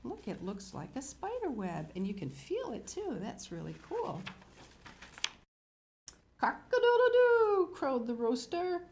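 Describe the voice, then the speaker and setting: Older woman, kids' TV host; lively, sing-song storyteller talking to children, mid pitch. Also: moderate pace, few pauses, a little hiss or hum. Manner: animated, storytelling, talks to young viewers. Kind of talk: reading a picture book aloud to children.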